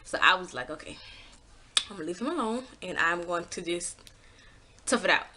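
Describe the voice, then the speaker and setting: A young woman in her twenties telling a storytime to camera, casual and blunt, acting out her own past lines with big swings in pitch. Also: expressive, normal speed, sharp tone. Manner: blunt, swears freely. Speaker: vlogger.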